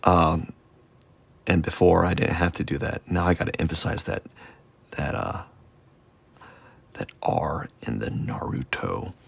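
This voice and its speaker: A man's voice: sits low, little pitch movement, measured pace, gravelly, pauses often, slightly rough. A man chatting casually during a live drawing stream, rambling and self-deprecating, with lots of fillers and false starts. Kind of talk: casual rambling chat while sketching.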